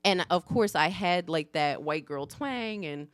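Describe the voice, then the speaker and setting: A woman from New Jersey co-hosting a podcast, telling stories in a casual, animated way with frequent laughter and acted-out quotes. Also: on the low side, a little slow, no echo, studio quality. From United States (New Jersey). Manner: animated storyteller who laughs often and acts out quoted voices. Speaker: podcast co-host. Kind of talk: casual chat.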